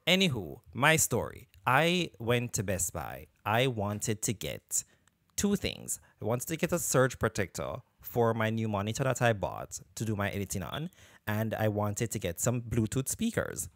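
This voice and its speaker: A man's voice: lowish voice, sing-song, normal speed, a bit bright, no room sound, clean studio sound. A man hosting a casual podcast, telling a long story that drifts off on tangents before getting back on track. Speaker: podcast host.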